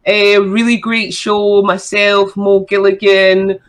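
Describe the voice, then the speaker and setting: A woman's voice: medium pitch, little pitch movement, slow pace, poor audio. A woman chatting as a radio show guest, talking in a loose, filler-heavy way. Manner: chatty, lots of fillers and likes. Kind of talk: casual radio chat.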